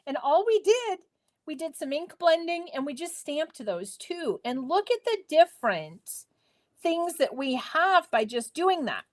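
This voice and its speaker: Woman, live craft demo host, chatty and playful, bright high voice, bouncy pitch. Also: big pitch swings, a little slow. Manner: chatty, playful, talks to viewers. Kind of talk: live crafting tutorial chat.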